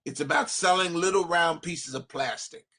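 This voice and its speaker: A man who is a guest musician, explaining industry history in a measured way. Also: a little high, bright, forceful tone, husky.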